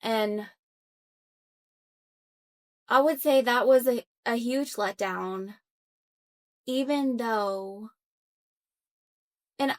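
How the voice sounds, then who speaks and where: A young woman with a mid-pitched voice speaks as a podcast guest, telling her story earnestly and reflectively. Her talk is conversational, with many fillers and self-corrections as she gathers her thoughts. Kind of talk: conversational interview.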